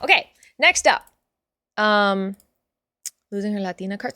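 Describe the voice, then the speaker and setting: A woman hosting a casual stream, chatting with viewers in an animated, sweary way. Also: medium pitch, a little slow, pauses often, no echo. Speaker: streamer host.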